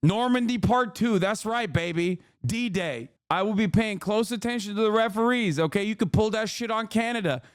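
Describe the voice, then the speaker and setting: Profane ranting streamer, smooth voice. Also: male voice, high voice, moderate pace, few pauses, no echo, clean studio sound. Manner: profane, mock-patriotic ranting. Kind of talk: casual commentary stream.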